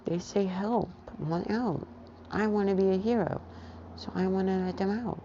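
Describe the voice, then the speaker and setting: A woman's voice: mid-range voice, moderate pace, dark tone, a little hiss or hum, voice pushed up, close to an everyday voice. A woman voicing a three-year-old boy who speaks in broken baby talk and squeals when scared, on a dull lo-fi recording. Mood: earnest. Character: toddler boy, frightened and eager to help.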